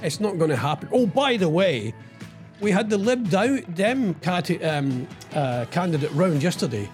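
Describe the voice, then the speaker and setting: A man's voice: sits high, expressive, moderate pace, darkish tone. Chatty man hosting over music. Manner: rambling asides with frequent tag questions; sarcastic about politics. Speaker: radio show host. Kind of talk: casual radio talk reading out news items.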